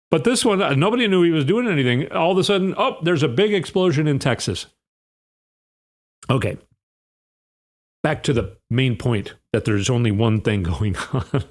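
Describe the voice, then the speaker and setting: A man hosting a podcast, delivering a rambling, sarcastic political monologue with an indignant edge. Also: mid-range voice. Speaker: podcast host.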